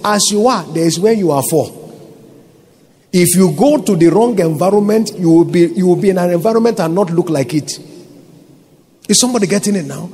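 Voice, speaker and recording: A man's voice: sits high, a little mellow, slightly rough. A man preaching a sermon as pastor, emphatic, with many rhetorical questions.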